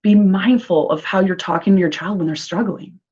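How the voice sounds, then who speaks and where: A woman's voice: mid-range voice, normal speed, a little mellow, husky. A woman social worker giving an upbeat, encouraging talk to parents, chatty with fillers, with a Midwestern American accent. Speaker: early childhood social worker. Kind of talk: recorded presentation for parents. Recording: dull lo-fi recording.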